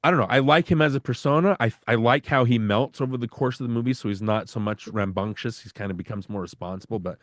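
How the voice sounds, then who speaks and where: A man co-hosting a podcast, chatting casually about films in a rambling way, full of fillers and quick to laugh. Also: medium pitch, a bit bright, no echo, studio quality. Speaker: podcast co-host. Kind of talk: casual film-discussion chat.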